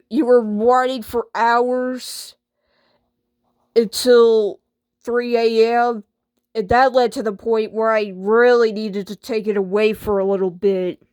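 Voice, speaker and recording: A woman's voice: fairly high pitch, a little mellow, clear, resonant tone, no echo, studio quality. A woman playing the boss in a homemade skit, patient but firm and scolding.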